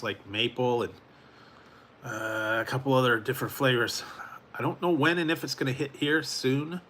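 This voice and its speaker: A man with a bright, forceful voice chats loosely on a late-night stream, drifting between thoughts and chuckling often. He answers viewers in the chat as he goes, over a faint hum of room ambience. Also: mid-range voice. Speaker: food reviewer hosting a live stream.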